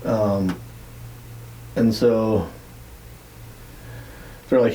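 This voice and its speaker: Mellow-voiced man spinning a casual yarn. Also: lowish voice, steady tone, measured pace, poor audio. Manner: loose, rambling retelling with frequent "like" and swearing. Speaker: podcast host. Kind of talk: casual storytelling.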